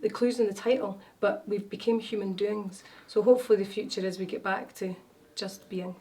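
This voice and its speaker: Brisk and warm, with a mid-range voice and fairly even intonation, this wellness consultant shares stories during a relaxed interview. She restarts often and uses lots of fillers, and her voice is a little distant from the microphone.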